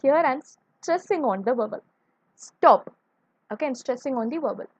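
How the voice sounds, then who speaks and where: A woman's voice: high voice, lively intonation, normal speed, no echo, lo-fi sound. A woman teaching an online English grammar lesson, spelling words out letter by letter and asking viewers to answer.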